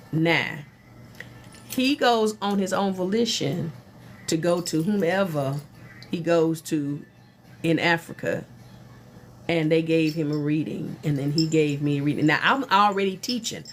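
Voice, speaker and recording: A middle-aged woman, a spiritual teacher, telling a personal story on a livestream in an animated, folksy, exclamatory way. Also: on the low side, slight background noise.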